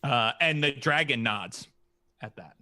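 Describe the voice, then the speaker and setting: A man running a tabletop game as game master, narrating slowly with lots of halting fillers. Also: medium pitch, animated, pushed and bright, no echo, studio quality. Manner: halting, many "uh" fillers, laughs easily.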